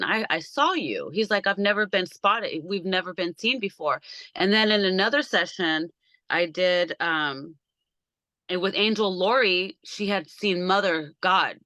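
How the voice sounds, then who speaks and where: A woman's voice: on the low side, moderate pace, no room sound. A woman hosting a casual video-call conversation from a small backyard shed, telling stories animatedly and acting out the voices in them. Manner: animated storyteller, acts out quoted voices. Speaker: podcast host.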